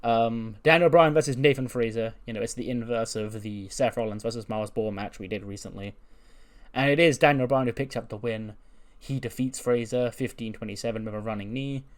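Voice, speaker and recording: Brisk and medium-pitched, a man chats through a recap of his wrestling simulation run like a laid-back let's-play commentator. Laughter and swearing pepper his talk, and he keeps breaking off to restart sentences.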